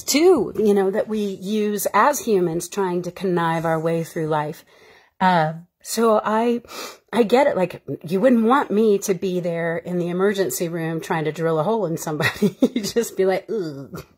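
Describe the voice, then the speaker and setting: An actor chats casually on her live stream, her mid-range voice slightly rough. She rambles in a heartfelt, chatty way, full of fillers and bursts of laughter.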